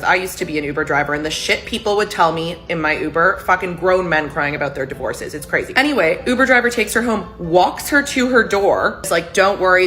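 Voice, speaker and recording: A woman with a low voice tells a storytime rant, blunt and indignant, swearing without pause. Faint music plays softly behind her.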